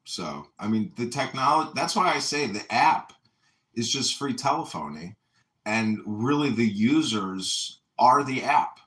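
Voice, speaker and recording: A man's voice: mid-range voice, lively intonation, a little slow, a bit bright, low-quality recording. An American man chatting casually over a phone, telling meandering stories and quoting other people. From United States. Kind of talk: casual chat.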